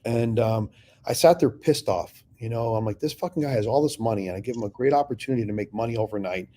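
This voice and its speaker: A middle-aged real estate investor tells his own business story casually and profanely, acting out both sides of past conversations. His fairly low, mellow voice moves fast, with slight background noise.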